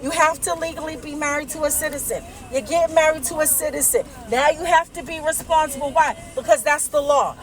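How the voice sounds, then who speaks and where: High-voiced woman ranting profanely. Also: a little fast, few pauses, faint music behind, a faint crowd, poor audio. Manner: profane, heated, lecturing, keeps tagging "okay?". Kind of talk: casual rant to camera. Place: inside a parked car.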